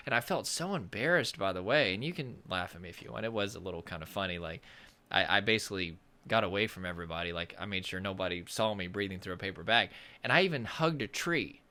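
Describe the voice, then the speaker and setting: A nervous system coach from the Southern United States chats casually to camera in a low, sharp-toned voice. He rambles and gropes for words, often making light of himself.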